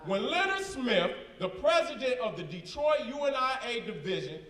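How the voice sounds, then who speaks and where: A man's voice: extremely high pitch, big pitch swings, moderate pace, a bit bright, echoey room, far from the mic. A man in a live debate, reading documents aloud with emphatic, combative slang asides. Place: event hall with a crowd.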